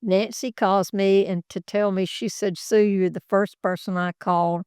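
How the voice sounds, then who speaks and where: A woman's voice: mid-range voice, fairly even intonation, moderate pace, a little mellow, clear, resonant tone, no echo, studio quality. An older woman, a former executive assistant, telling rambling, folksy anecdotes in an office interview. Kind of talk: casual storytelling.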